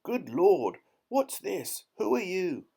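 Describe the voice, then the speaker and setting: Male reader doing a bellowing, blustering old duke, pitched high, storybook. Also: expressive, moderate pace, darkish tone, natural voice. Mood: furious. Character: pompous old male duke, hot-tempered.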